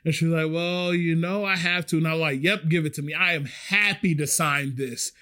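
A man's voice: fairly high pitch, fairly even intonation, normal speed, sharp tone. A young man casually telling a story about a fight at work, acting out the quoted lines with a raised voice and plenty of swearing. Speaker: podcast host telling a story.

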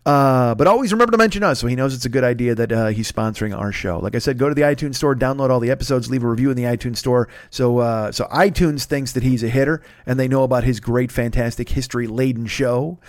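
A man's voice: mid-range voice, fast talker, hardly any pauses, no room sound, clean studio sound. A man hosting a comedy podcast, riffing and ranting in a rambling, profane way. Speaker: podcast host.

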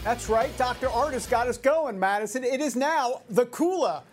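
A woman's voice: a little high, animated, moderate pace, over music. A woman in her fifties hosting a talk show, giving opinionated commentary with sarcastic, jokey asides. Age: 50s.

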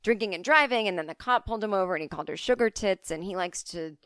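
A woman hosting a podcast, rambling through an absurd comic story in a deadpan way, recorded close on a studio mic. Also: mid-range voice, quick pace, clear, resonant tone, no echo. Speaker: podcast host and comedian.

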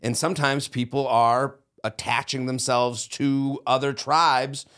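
A man from outside Boston chatting on a podcast, animated and laughing, full of quick asides and restarts. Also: mid-range voice. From outside of Boston, Massachusetts. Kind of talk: casual podcast chat.

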